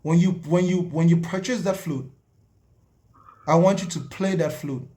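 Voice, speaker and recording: Earnest man giving measured advice. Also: a little high, dark tone. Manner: earnest, measured, repeats key phrases. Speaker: host.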